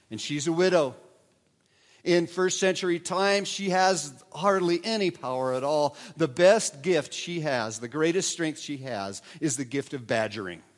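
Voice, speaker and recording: A man preaching a sermon as pastor, lively with wry asides and frequent restarts. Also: fairly high pitch. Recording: long reverb of a large hall.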